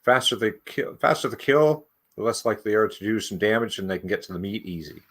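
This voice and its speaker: A man's voice: on the low side, expressive, fast talker, fairly bright tone. A man reading the lines of a weary small-town coroner in a matter-of-fact way.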